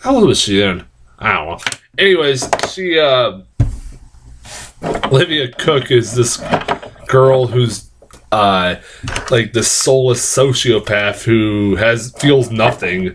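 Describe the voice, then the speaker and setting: A man's voice: medium pitch, animated, slow pace, long pauses, noisy background. Man, casual movie review, rambling, swears a lot, lots of restarts. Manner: rambling, profane, with many restarts and fillers.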